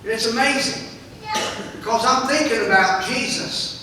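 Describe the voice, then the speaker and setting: A man preaching a sermon as pastor, building to loud, fervent climaxes and dropping back to quiet asides. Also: very high voice, moderate pace, slight background noise. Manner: preaching with swelling, shouted climaxes. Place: church sanctuary. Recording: echoey church hall, mic far off.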